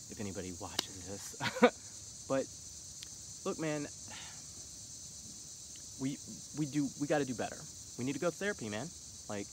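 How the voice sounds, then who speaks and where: Over some background noise, a middle-aged man in a mid-range voice vlogs casually about politics. He packs his speech with fillers and grows so passionate that he ends up shouting heatedly.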